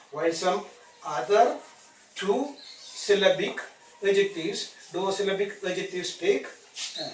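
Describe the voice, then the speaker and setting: A man teaching a grammar lesson, spelling words letter by letter and asking "isn't it?" after each point. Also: high voice. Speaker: English teacher. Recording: echoey room, distant mic, faint hiss.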